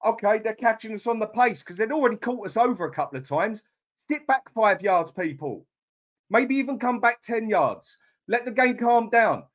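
Brief: fuming man, high-pitched for a guy, blunt, sweary football rant, middle-aged. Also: animated, normal speed, fairly bright tone. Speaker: fan channel host. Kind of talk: angry live-stream football rant.

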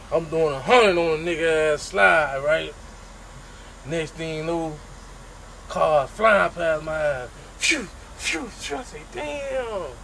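Animated man telling a comic story. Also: fairly high pitch, slight background noise, low-quality recording. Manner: animated and profane, with mouth sound effects.

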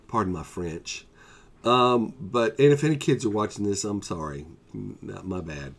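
Animated man telling a story. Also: on the low side, a little slow, slightly rough. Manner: animated, exasperated humor. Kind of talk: casual anecdote.

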